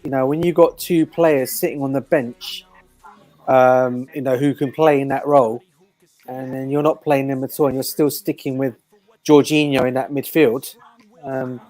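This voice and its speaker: A man's voice: mid-range voice, fairly even intonation, normal speed, darkish tone, dry recording. A man in a casual football chat, talking animatedly and often repeating himself. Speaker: co-host.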